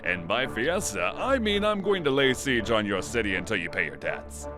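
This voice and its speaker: A man voicing a boastful, swaggering French naval admiral in an animated history cartoon, in a mock-cheerful, gloating way. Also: on the low side, moderate pace, music in the background.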